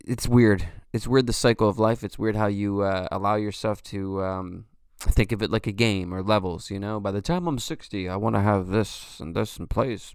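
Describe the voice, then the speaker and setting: Casual podcast host, male, 40s, smooth and dry-sounding, rambling and profane. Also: fairly low pitch, unhurried, no room sound. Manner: rambling, swears freely, says "you know" constantly. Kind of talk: casual solo monologue.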